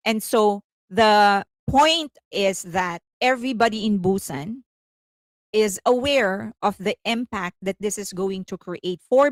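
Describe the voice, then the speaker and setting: A chatty woman hosting casual commentary, with a voice of ordinary pitch for a woman. She giggles often and stops to correct herself mid-sentence. The sound is close and dry. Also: no echo. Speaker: host.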